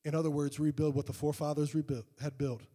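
Man, pastor, fervent sermon, raised pitch, long hall reverb. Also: little pitch movement. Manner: fervent preaching that swells into loud, drawn-out prayer.

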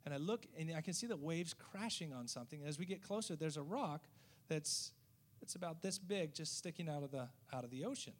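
Missionary guy telling a story, fairly high voice, acts out the voices. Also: a little fast. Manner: lively, acts out quoted voices. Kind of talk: storytelling testimony.

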